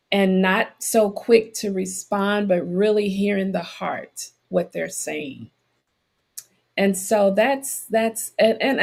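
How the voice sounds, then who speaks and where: A woman's voice: mid-range voice, creaky. A middle-aged woman giving sincere, to-the-point advice about listening and tone. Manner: direct and to the point. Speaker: guest.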